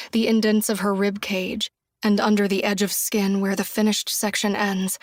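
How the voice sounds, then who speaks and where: A woman's voice: mid-range voice, no echo. A woman giving intense, emotional first-person narration of a thriller audiobook on a close studio mic.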